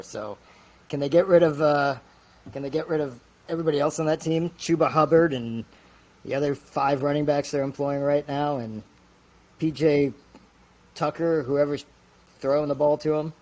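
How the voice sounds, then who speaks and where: A man appearing as a guest, telling stories in a casual, halting way with many restarts. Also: a little high, a little mellow. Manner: halting, full of fillers and restarts. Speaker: guest actor. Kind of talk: casual storytelling.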